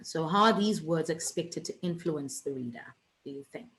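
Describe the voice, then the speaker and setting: A woman's voice: low-pitched, animated, moderate pace, a bit bright, low-quality recording. A woman teaching an online revision lesson, chatty and teasing, with many fillers and restarts.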